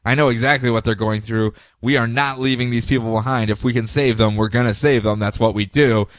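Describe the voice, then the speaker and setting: A man voicing a gruff, loyal male alien warrior who speaks firmly and resolutely. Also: medium pitch, steady tone, brisk, dry recording, voice pushed down, lightly acted. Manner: firm, resolute.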